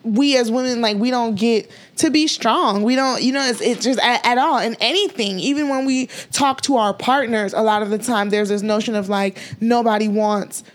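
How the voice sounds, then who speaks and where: A woman's voice: a little high, normal speed, hardly any pauses. A young woman co-hosting a casual chat, frank and emphatic, with slangy asides. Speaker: podcast co-host.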